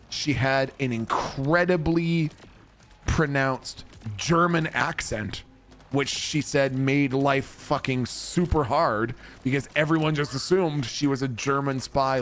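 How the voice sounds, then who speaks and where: A man's voice: mid-range voice, slight background noise. Chatty man streaming to chat. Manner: rambling and chatty, with casual swearing. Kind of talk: casual chat with viewers while gaming.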